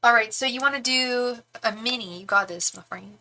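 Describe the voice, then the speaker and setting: A young woman reading tarot on a livestream, chatting casually with viewers, thanking donors and softly repeating questions to her spirit guides. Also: on the high side, a little slow, long pauses, very noisy.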